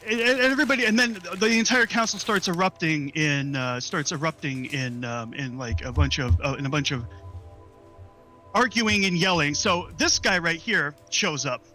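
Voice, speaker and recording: A man's voice: a little high, moderate pace, pushed and bright, faint music behind. A man narrating a tabletop game as game master, casual, often restarting his phrases.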